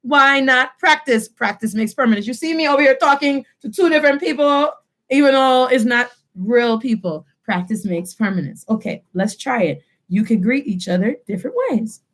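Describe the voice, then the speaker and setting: A woman in her thirties teaching a lively online language lesson to students, mixing English and Spanish and repeating phrases as drills. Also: fairly high pitch, moderate pace. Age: 30s.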